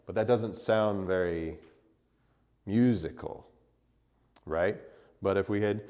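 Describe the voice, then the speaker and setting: Slow-talking male chant teacher in a reverberant hall. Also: sits low, highs cut off. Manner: explains with many fillers and "right?", "okay?" checks; sings solfege syllables as demonstrations. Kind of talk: church music class. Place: church hall.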